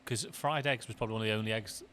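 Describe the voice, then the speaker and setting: A man hosting a podcast, chatting casually and asking quick-fire questions over afternoon tea in a restaurant. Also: fairly low pitch, steady tone, fairly bright tone, slight background noise. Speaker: podcast host, marketing director. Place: restaurant in the city.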